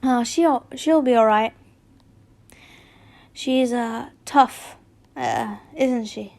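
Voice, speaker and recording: A big-hearted half-giant man speaks with an Australian accent, a touch louder and higher than plain talk, as a woman reads him aloud. He talks in halting, concerned bursts for a read-aloud fanfiction. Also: vocal fry, dry recording, full character voice. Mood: reassuring.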